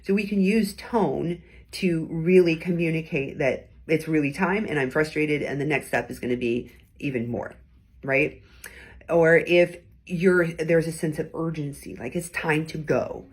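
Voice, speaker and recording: Speaking a little slowly in a low voice with a breathy edge, a middle-aged woman hosts her weekly advice talk. She addresses the camera in a casual, conversational teaching style, acting out tones through brief quoted examples.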